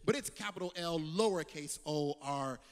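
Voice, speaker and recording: A man preaching a sermon as pastor, repeating words as he builds and swinging from loud calls to hushed quotes. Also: fairly high pitch, moderate pace, in a large hall.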